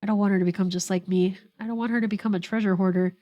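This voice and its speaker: A woman's voice: mid-range voice, fairly even intonation, rapid-fire, warm tone, dull audio, lightly acted. Woman reading as Kirei, an earnest big brother. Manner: reads lines aloud in her own voice. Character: earnest orange-haired young man, remorseful older brother.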